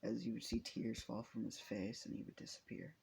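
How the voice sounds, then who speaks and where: Young man, mellow fry-heavy voice, profane improvised storyteller. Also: medium pitch, monotone, brisk, slight background noise. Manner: rambling, profane, frequent restarts. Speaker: fan storyteller. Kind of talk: improvised fan story narration.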